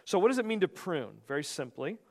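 A man's voice: sits high, brisk. A male pastor preaching a sermon, telling stories animatedly and often restarting his sentences. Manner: animated storytelling with frequent restarts. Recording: long reverb of a large hall.

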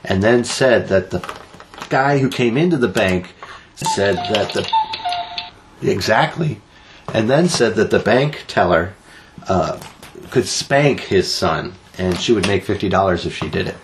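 A man's voice: lowish voice, measured pace, a little hiss or hum. A man co-hosting a casual talk show, reading odd news stories and teasing his co-host. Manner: jokey, teasing, animated storytelling. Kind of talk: casual banter.

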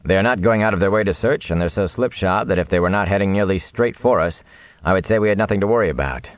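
Male narrator voicing terse warrior guard, deep voice, matter-of-fact, dry recording. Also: fast, no room sound, natural voice. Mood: grim.

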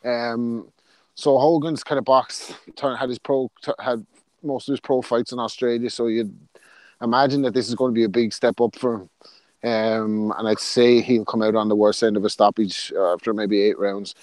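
An Irish-born man co-hosts a podcast in relaxed chat with many fillers. His voice sits mid-range, recorded dry and close. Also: medium pitch, moderate pace, no echo. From Ireland. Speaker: podcast co-host. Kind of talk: casual sports chat.

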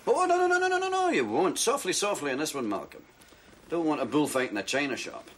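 An actor playing a shrewd businessman giving brisk orders to an employee. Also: mid-range voice, big pitch swings, a bit bright, husky. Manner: brisk and commanding.

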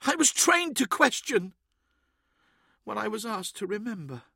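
Man voicing a scared young woman engineer, anxious, tearful, raised pitch, dry close sound. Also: normal speed, fairly bright tone, no room sound. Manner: anxious, pleading questions. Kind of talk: audiobook character voice.

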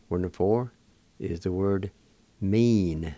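Radio host, male, deep dark voice, drills words slowly syllable by syllable, dry sound. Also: dry recording. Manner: spells out and repeats words syllable by syllable. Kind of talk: radio language lesson.

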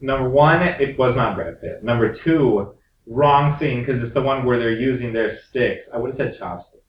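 A man's voice: mid-range voice, moderate pace, lo-fi sound. A man co-hosting a casual chat podcast, teasing and joking, swearing freely. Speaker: podcast co-host. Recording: roomy sound from a distant mic.

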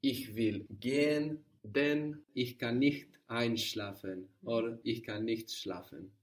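A man's voice: medium pitch, fairly even intonation, slow, far from the mic. Patient man teaching a language lesson. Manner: patient, prompting with questions.

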